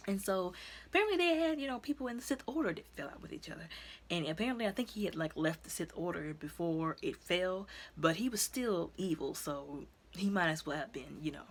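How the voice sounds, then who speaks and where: A woman's voice: lowish voice, lively intonation, fairly quick. A woman casually reviewing episodes on her channel, rambling and chatty with lots of fillers as she retells the story. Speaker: video reviewer.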